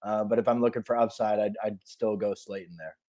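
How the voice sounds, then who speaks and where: A man giving fantasy football picks on a live show, speaking in a measured, hesitant way with many pauses and ums. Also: lowish voice, steady tone, warm tone. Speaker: co-host analyst.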